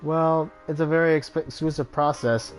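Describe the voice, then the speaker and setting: A man's voice: fairly high pitch, fairly even intonation, moderate pace, faint music behind, pitched above the performer's own voice, natural voice. A nervous, shifty male drone seller from a video game, talking in eager salesman patter, as a man reads him aloud. He sounds keen to close the deal.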